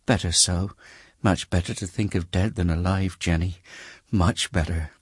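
A man's voice: low voice, fairly even intonation, normal speed, slightly rough, no echo, studio quality, voice pushed up. A man reading aloud, voicing a poor brickmaker's wife who answers meekly and with sighs. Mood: sorrowful. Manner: meek, sighing, deferential. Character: poor worn-out brickmaker's wife, humble and weary.

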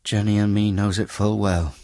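A meek, tired working woman from a storybook, as a man puts her on, her voice lifted well above his own deep register. She answers humbly and sighs as she speaks, in a close, dry reading. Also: level tone, normal speed, dark tone, no echo, lightly acted. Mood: weary, humble. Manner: meek, sighing, deferential. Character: poor worn-out brickmaker's wife, humble and weary.

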